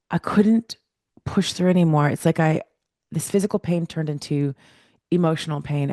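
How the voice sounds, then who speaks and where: A middle-aged woman telling a personal story as a podcast guest, animated and acting out the dialogue she remembers. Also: low-pitched, dry recording, clean studio sound.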